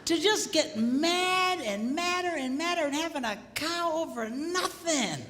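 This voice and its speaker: A man's voice: extremely high pitch, unhurried, a crowd in the background. A male pastor giving a comedic seminar talk, telling stories and acting out the dialogue. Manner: animated storytelling, acting out dialogue. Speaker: pastor and marriage speaker. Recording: echoey hall reverb, faint noise.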